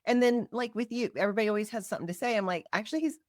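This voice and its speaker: A woman's voice: mid-range voice, rapid-fire, dry recording, clean studio sound. A woman co-hosting a podcast in casual chat, reassuring and laughing along with her guest. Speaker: podcast co-host.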